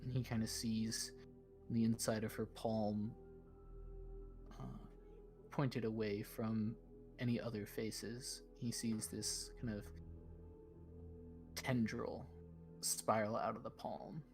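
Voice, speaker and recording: Excitable man playing a tabletop game. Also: lowish voice, slow, pauses often, soft background music. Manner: excitable, loud bursts when rolling dice. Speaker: player. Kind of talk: casual tabletop game chat.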